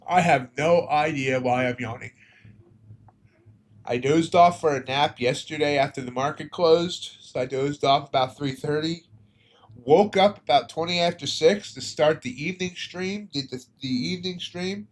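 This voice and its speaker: A man hosting a live futures trading stream, talking casually in a relaxed, rambling way while tired. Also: fairly high pitch, moderate pace. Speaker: futures trading livestream host.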